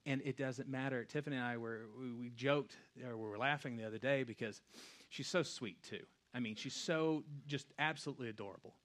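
Speaking fairly quickly in a mid-range voice, a man in his thirties preaches a casual sermon as a pastor. He shifts from quiet, reflective moments to loud stretches of storytelling.

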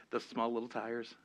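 A middle-aged pastor preaching a sermon, swinging from loud, driving exhortation down to hushed, confessional moments. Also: male voice, mid-range voice.

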